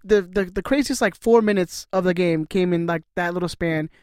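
A man co-hosting a casual sports podcast, chatty, full of fillers, and quick to laugh. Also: high-pitched, a little mellow, smooth, dry recording, studio quality. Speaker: podcast co-host.

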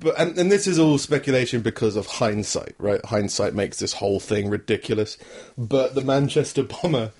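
A man co-hosting a podcast in casual, sarcastic chat. His voice is husky and his pitch moves a lot. He is wry and dry-humoured. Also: expressive, normal speed, hardly any pauses, darkish tone. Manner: wry, sarcastic, slips into mocking quoted voices. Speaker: podcast co-host.

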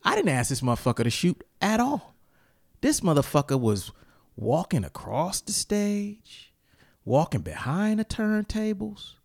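His voice sits high and sounds gravelly, captured at studio quality with no echo. The man hosts a casual ranting chat, telling heated stories laced with swearing and sudden outbursts.

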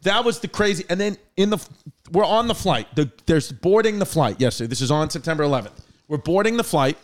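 A man in his thirties hosting a podcast, chatting loosely and excitedly with lots of fillers, and reading ads in a casual way. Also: fairly high pitch, fairly quick. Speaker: podcast host. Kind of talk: casual chat and host-read ad.

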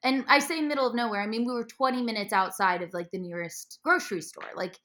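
A woman tells stories about her band's early days, animated and often laughing. Her voice sits slightly high. Its tone is bright and forceful. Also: fast talker. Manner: giggly, animated storyteller. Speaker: guest, musician. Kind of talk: casual chat.

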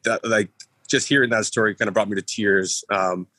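A man who is a former teammate, sharing a heartfelt remembrance in a halting way, with many pauses and fillers. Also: fairly low pitch, steady tone, sharp tone, no room sound. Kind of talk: personal remembrance.

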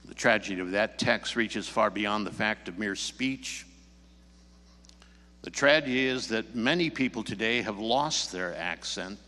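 In a church sanctuary with a long reverb tail, a pastor from the Chicago area preaches a sermon, telling stories and pressing the congregation with rising, emphatic questions. His voice sits on the low side and is a little slow, pushed and bright.

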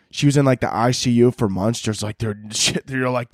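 A man's voice: medium pitch, a little fast, few pauses, no room sound, clean studio sound. A young man hosting a podcast, ranting in a crude, rambling comedic monologue and laughing often. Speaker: podcast host.

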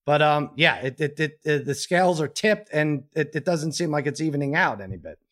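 A man co-hosts a casual sports podcast, pausing and stumbling over fillers while he teases his co-hosts. His voice sits a bit high for a man. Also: lively intonation, a bit bright. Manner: halting, filler-heavy, teasing. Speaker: podcast co-host.

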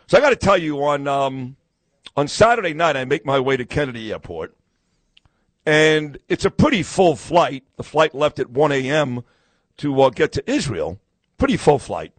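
A man's voice: a little high, dry recording. A brash, boastful man, hosting a live talk radio show and telling stories in casual chat.

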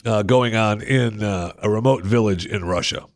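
A man's voice: fairly low pitch, moderate pace, dry recording, studio quality. A man hosting a radio talk show, chatting casually and jokingly and often repeating himself.

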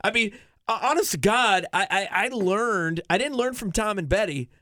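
A man's voice: high voice, normal speed, bright, forceful tone, no echo, clean studio sound. A man co-hosting a podcast in casual chat, telling stories with many restarts. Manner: rambling storyteller, many restarts. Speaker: podcast co-host.

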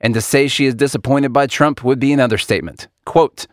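A man's voice: medium pitch, fairly quick, no echo. Laughing male podcast co-host, dry sound. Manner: laughs often, reads articles aloud. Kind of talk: casual political chat.

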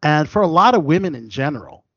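A man's voice: on the high side, lively intonation, quick pace, fairly bright tone, slightly rough, dry recording, highs cut off. An American man hosting a casual interview show, talking with many fillers and restarts. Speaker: podcast host.

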